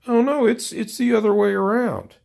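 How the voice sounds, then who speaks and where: A man mimicking a defensive political spokesperson in a high, flustered, dismissive voice. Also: fairly even intonation, normal speed, vocal fry, darkish tone. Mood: flustered denial.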